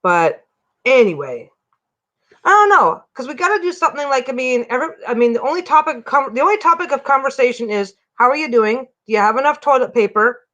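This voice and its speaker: A woman's voice: sits high, lively intonation, a little fast, fairly bright tone. A woman hosting a casual livestream chat from her home, rambling and often breaking off mid-sentence. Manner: rambling, self-interrupting, chatty. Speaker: livestream host.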